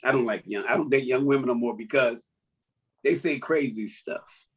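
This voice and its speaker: A man, a comedian, chatting casually on a podcast and telling jokes as an animated storyteller who laughs at his own lines. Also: medium pitch, moderate pace, husky. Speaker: comedian guest.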